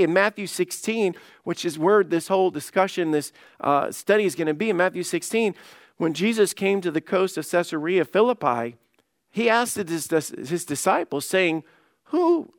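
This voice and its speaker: A man's voice: high-pitched, sing-song, moderate pace, no echo, clean studio sound. A male pastor preaching in a conversational way, often restarting words and acting out the quotes he tells. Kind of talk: sermon.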